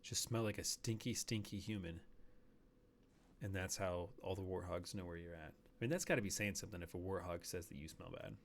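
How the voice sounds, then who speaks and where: A man's voice: low-pitched, a little fast, a little hiss or hum. A man streaming a hunting game, rambling casually and dropping to a near whisper while sneaking up on animals. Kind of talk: casual gameplay commentary.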